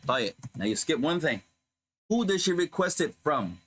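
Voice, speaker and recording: A man teaching an Arabic grammar lesson online, patiently repeating terms slowly and explaining in English. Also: a little high, sing-song, a bit bright, husky, no echo, rough recording.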